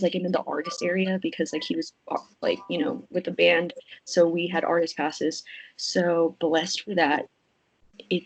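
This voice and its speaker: A young woman telling a story in a casual podcast chat, rambling with lots of fillers and swearing, and getting excited as she talks. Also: lowish voice, poor audio. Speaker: podcast guest.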